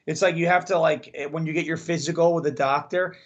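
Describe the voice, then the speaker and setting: A man's voice: a little high, steady tone, lo-fi sound. Chuckling man chiming in on a podcast. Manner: quick, chuckling, chimes in with jokes. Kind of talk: casual political chat.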